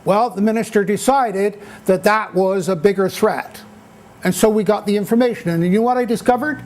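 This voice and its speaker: An older man giving an animated lecture-style talk at a townhall, acting out quotes as he tells stories. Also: high-pitched, normal speed. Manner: animated storytelling, acts out quotes. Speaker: speaker at a townhall.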